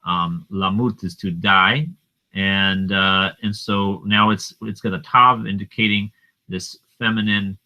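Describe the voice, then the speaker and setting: A man walks through a Hebrew scripture passage word by word, pausing and restarting as he explains its grammar. His voice sits fairly low yet sounds strongly bright and sharp. He reads the verses slowly and deliberately. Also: poor audio. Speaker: Hebrew Bible teacher. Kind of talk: explaining grammar of a text line by line.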